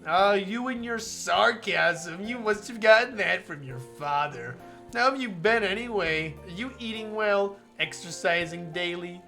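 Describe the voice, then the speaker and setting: A man's voice: high-pitched, unhurried, vocal fry, pushed and bright, soft background music, full character voice. A man voicing a caring, fussy middle-aged mother in a visual novel reading on stream, doting and teasing as he reads her part.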